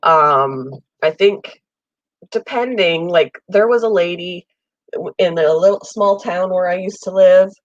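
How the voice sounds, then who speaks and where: A woman hosting a pet channel chats casually and live with viewers from home, where an air conditioner runs, rambling in a friendly manner with many ums. A summer cold has her coughing on occasion, and her pitch is fairly low. The audio is dull and free of room sound.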